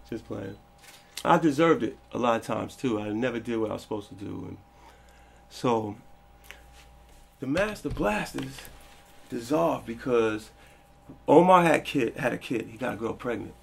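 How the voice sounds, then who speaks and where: A man in his forties telling stories from his past in a casual interview, animated and quick to act out the people in them. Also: medium pitch. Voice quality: gravelly, husky. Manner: animated, acts out quoted people with a raised voice. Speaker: interview guest.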